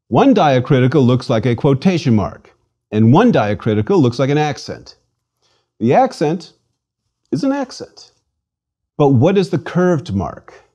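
A male language instructor teaches a scripted lesson slowly and patiently, spelling words letter by letter, enunciating each letter and syllable, and pausing so listeners can repeat. His medium-pitched voice is mellow, with a lively rise and fall.

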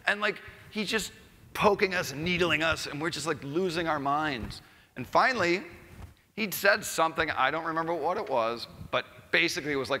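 A man's voice: on the high side, expressive, moderate pace, sharp tone, slight background noise. Profane, rambling man in a reverberant hall. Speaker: conference speaker. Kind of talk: casual storytelling talk. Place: large conference hall with a live audience.

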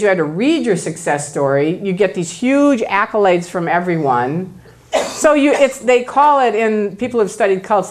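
A woman speaking to an audience in a storytelling talk. Her pitch jumps up and down a lot as she acts out what others said. Her voice sits at a middle pitch for a woman. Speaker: guest speaker.

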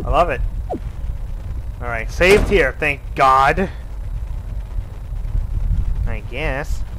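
A young man giving giggly, excitable gameplay commentary, swearing often. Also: mid-range voice, extremely slow, noisy background. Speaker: let's play gamer.

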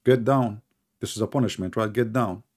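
A man's voice: fairly low pitch, normal speed, a little mellow, husky. A man with a voice in an online religious debate, pushing hard, interrupting and sarcastic.

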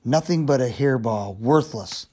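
A sulky, proud cat queen who moans and wails over her failures, as a male reader puts her on. Her lines rise into a whiny, self-pitying pitch in a storybook read-aloud. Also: animated, a little slow, dark tone, breathy edge.

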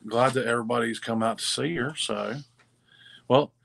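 Man with a gravelly, creaky voice, mid-range pitch; casual stream co-host, loose and halting, reads out viewer names. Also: a bit bright, a little hiss or hum. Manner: halting, many fillers and restarts; friendly greetings to viewers by name. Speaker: livestream co-host reading viewer comments. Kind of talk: casual live-stream chat.

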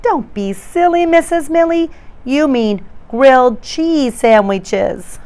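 A woman reading aloud puts on a chorus of young schoolchildren in a bedtime storybook. The voice is high and drawn out, spoken slowly with a swinging sing-song lilt. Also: lively intonation, a little mellow. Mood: correcting. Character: class of young children correcting their teacher.

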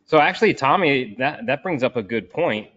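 A man chatting casually on a work webinar, laid-back and quick to laugh. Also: medium pitch, lively intonation, fairly bright tone. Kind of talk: casual chat. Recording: dull lo-fi webinar audio.

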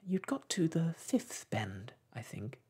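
A polite young girl who pleads and apologises in whispered role-play, voiced by a man. The whisper is husky and lifts well above his usual tone. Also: a little high, very animated, slow, voice pushed up, exaggerated voice. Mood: pleading. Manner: humble and pleading.

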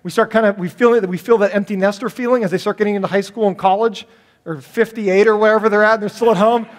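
Middle-aged pastor guy, pretty high voice, jokey, does little voices mid-sermon. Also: steady tone, fast talker.

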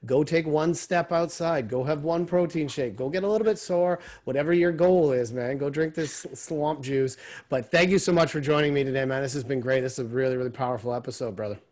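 A Canadian podcast host chats casually over a remote call, enthusiastic and swearing freely. He talks briskly in a fairly high, slightly mellow voice.

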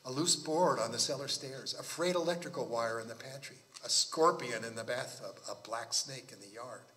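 A man reading his own novel aloud at a library book talk, in a measured storytelling cadence. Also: mid-range voice, sharp tone.

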